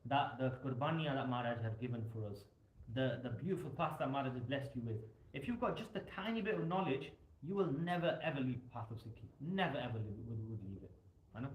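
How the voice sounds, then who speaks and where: A man's voice: mid-range voice, animated, fast talker. Rambling man in echoey room. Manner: rambling, storytelling, many fillers. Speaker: speaker at a Sikh talk evening. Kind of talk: casual talk, mixing in Punjabi. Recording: echoey room with faint noise.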